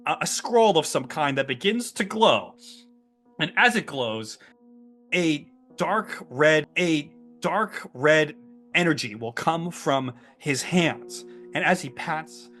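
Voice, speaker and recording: A man narrating a tabletop game as game master, animated and often laughing. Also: fairly high pitch.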